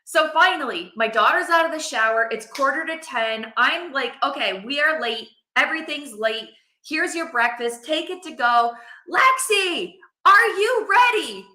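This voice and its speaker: A middle-aged woman telling a personal story to camera, animated and acting out her own quotes. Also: high voice, measured pace, echoey room. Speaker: vlogger, mother.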